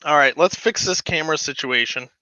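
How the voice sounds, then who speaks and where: A man with a bright, sharp voice rambles through a casual home livestream, filling gaps with "uh" and "um" and getting excitable. The sound is dry and close but a little dull and lo-fi. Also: fairly high pitch, fairly quick, no echo. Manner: rambling, chatty, lots of fillers; gets excited and giddy. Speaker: livestream host. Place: home model railroad room.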